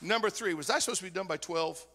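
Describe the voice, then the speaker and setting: A man, preaching a sermon as a guest speaker, telling stories with animation and rising to shouts. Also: sits high, fast talker, in a large hall. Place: church sanctuary.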